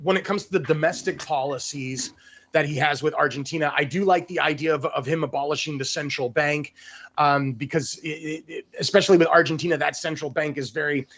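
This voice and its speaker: A man who is a guest in a casual political chat, speaking in a measured, hesitant and polite way. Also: on the high side, steady tone, fairly bright tone.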